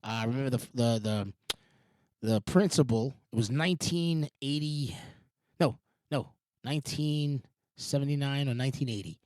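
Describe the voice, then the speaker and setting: A man's voice: medium pitch, normal speed, darkish tone, dry recording, studio quality. A man in his forties hosting a morning show, talking in a digressive, rambling monologue with frequent restarts and casual swearing. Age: 40s. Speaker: show host.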